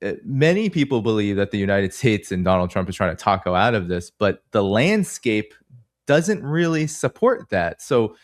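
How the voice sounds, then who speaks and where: Low-pitched Boston host with a dry sound. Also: male voice, very animated, normal speed, no room sound. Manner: long rambling questions full of fillers. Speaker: interview host. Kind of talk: interview questioning.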